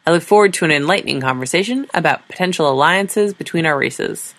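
A woman's voice: deep voice, expressive, fast, fairly bright tone, no echo. A woman voicing a weary, exasperated diplomat who speaks in a dry, sardonic way.

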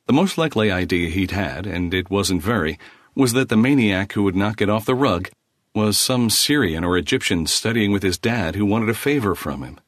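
Low-voiced man reading a novel. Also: a bit bright, no room sound, clean studio sound. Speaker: narrator. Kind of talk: audiobook narration.

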